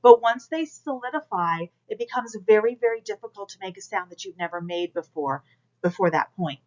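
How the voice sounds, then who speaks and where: A woman's voice: mid-range voice, animated, brisk, a little mellow, muffled recording. A woman instructor giving a recorded class lecture, talking straight to students and coaching them through exercises. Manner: direct, coaching, demonstrates projection aloud. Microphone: camera mic.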